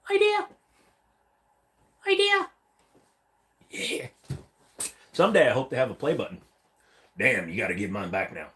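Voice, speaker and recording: A man's voice: on the low side, very animated, fast talker, sharp tone. A man hosting a casual livestream, reading viewer comments and rambling with jokes and silly voices from his room at home. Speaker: livestream host. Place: home room, seated against a wall.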